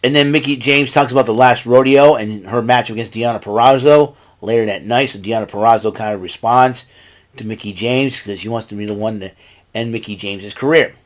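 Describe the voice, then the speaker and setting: A man's voice: medium pitch, brisk. A man hosting a casual show, recapping events in a rambling way and jumping into raised voices when he quotes people. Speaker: podcast host recapping wrestling.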